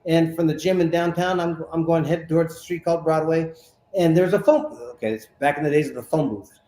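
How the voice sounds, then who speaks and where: A man's voice: a little high, a little fast, echoey room. A man from California, a former boxer, telling stories casually in an interview, often repeating words as he goes. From Sacramento, California. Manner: animated storyteller, repeats words while talking.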